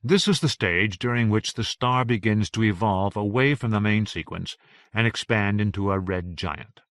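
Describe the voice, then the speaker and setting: Brief: male audiobook reader, low and crisp, dry close sound. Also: normal speed, no room sound. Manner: steady, even reading. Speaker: audiobook narrator. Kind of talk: audiobook narration.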